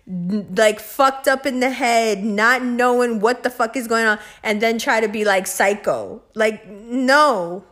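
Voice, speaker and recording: A woman hosting a casual, profane monologue, talking bluntly and laughing often, full of "like" and slang. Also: fairly high pitch. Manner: blunt, profane, animated with frequent laughs and filler "like". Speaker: host.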